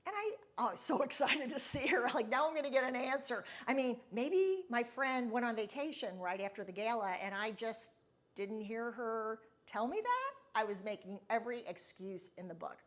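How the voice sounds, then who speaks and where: A woman's voice: fairly high pitch, big pitch swings, normal speed. A middle-aged woman hosting a podcast, telling a personal story in a candid, confiding and reflective way. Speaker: podcast host.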